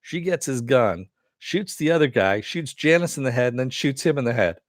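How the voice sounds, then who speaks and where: A man's voice: mid-range voice, animated, moderate pace, dry recording, studio quality. A man giving a rambling, casual spoken recap of a TV episode, full of "uh" and "you know" and offhand swearing. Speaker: TV episode reviewer.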